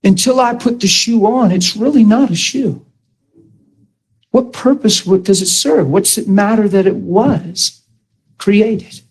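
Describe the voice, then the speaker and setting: Guy preaching to a class, kinda high voice, keeps asking if you follow him. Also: unhurried, a little mellow, breathy edge. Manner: emphatic, with rhetorical questions to the listeners. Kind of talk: sermon-style teaching.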